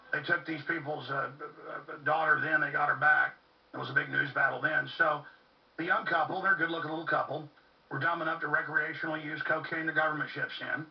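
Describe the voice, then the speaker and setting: A man with a rather high, gravelly voice rants fervently as a talk radio host, hammering his points with urgent repetition. He sounds set back from the microphone, and the recording comes across muffled and lo-fi. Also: distant mic. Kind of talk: impassioned monologue.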